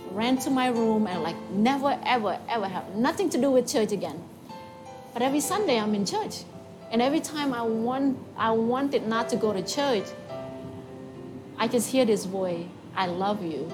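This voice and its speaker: Woman giving a halting testimony over music. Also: a little high, lively intonation. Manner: halting, emotional storytelling with repeats. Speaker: testimony speaker. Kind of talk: personal faith testimony. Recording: music playing behind.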